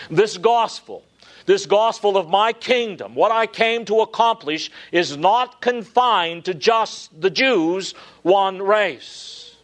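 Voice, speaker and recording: A man with a fairly high voice delivers an earnest expository sermon. He rises to emphatic peaks and then drops into low, hushed passages to stress a point. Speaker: preacher.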